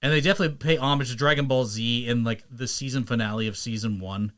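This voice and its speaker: A man hosting a casual podcast chat, talking loosely with quick asides. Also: medium pitch, fairly bright tone. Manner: chatty, quick asides and impressions. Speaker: podcast host.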